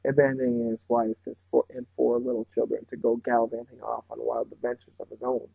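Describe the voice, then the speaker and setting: A smooth, menacing villain from a storybook, as a man reading aloud puts him on, talking down to children in a bland, patronizing way. His voice is gravelly and a little husky, and it sounds close and dry. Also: mid-range voice, flat delivery, warm tone, dry recording, poor audio. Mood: condescending. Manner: bland, condescending, slow and patronizing.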